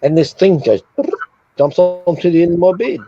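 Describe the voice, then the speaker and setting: A man's voice: sits high, moderate pace. A man telling a sleep paralysis story on a casual stream, swearing a lot and acting out sounds and his own reactions. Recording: dull lo-fi stream audio.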